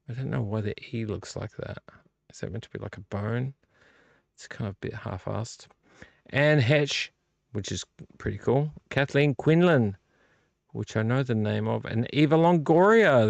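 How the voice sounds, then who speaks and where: A man's voice: mid-range voice, gravelly, no room sound. A middle-aged man hosting a casual late-night vlog from a room at home, rambling and thinking aloud as he looks over discs. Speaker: vlog host.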